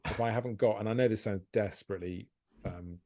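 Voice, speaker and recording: A man's voice: lowish voice, fast talker. Self-deprecating male comedian guest. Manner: self-deprecating, animated, laughs often. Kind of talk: candid podcast interview.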